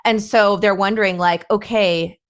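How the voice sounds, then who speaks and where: A woman's voice: medium pitch, expressive, normal speed. A woman hosting a podcast, asking her guest loose, curious questions in casual chat. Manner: curious, asks rambling questions. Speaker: podcast host.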